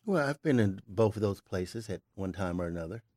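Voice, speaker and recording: A man's voice: fairly low pitch, expressive, brisk, darkish tone, no echo, studio quality. An older man on a podcast giving blunt, emphatic tough-love advice in casual chat. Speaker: podcast regular, host's father.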